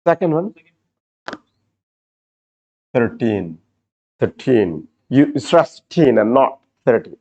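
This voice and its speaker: A man's voice: on the high side, expressive, normal speed, few pauses, a little mellow, husky, lo-fi sound. A man teaching an exam-prep class, repeating key words and explaining step by step. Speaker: IELTS teacher. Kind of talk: classroom lecture.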